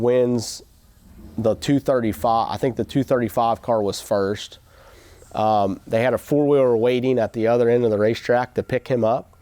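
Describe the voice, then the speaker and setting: A man's voice: mid-range voice, mellow, no echo. A man hosting a casual motivational talk, telling a story in a rambling way with restarts and quoted asides. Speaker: host.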